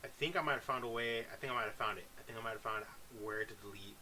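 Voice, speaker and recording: A man's voice: medium pitch, racing, slight background noise, poor audio. Man gaming with jumpy outbursts. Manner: jumpy reactions, sudden loud exclamations. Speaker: let's play gamer. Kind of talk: let's play commentary.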